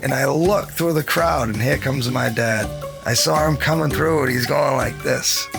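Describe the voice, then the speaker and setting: A gravelly-voiced man recounts his story for a documentary, lively and chuckling as he acts out what everyone said. Soft music plays underneath him. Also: mid-range voice, normal speed. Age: 50s. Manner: animated, acts out quoted dialogue, chuckles between beats. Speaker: interviewee, former champion.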